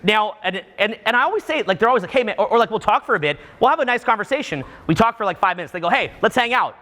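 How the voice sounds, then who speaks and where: Animated, high, bright-voiced Canadian man. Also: racing. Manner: animated, acts out what people say, frequent restarts. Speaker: seminar speaker. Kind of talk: live seminar talk to an audience.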